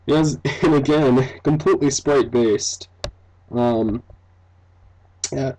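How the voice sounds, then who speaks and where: A man's voice: medium pitch, slow, mellow, a little hiss or hum, low-quality recording. A young man giving casual commentary on a game he is building, rambling with many fillers and frequent laughs. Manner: rambling, full of fillers like "um", "like" and "you know"; laughs often, self-deprecating. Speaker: game developer and let's-play commentator.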